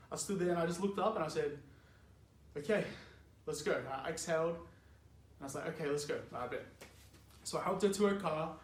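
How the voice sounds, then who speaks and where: Young male youth speaker, casual and animated, high voice, echoey room. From Australia. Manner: animated, chatty, laughs often, lots of "like". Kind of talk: youth sermon, casual storytelling.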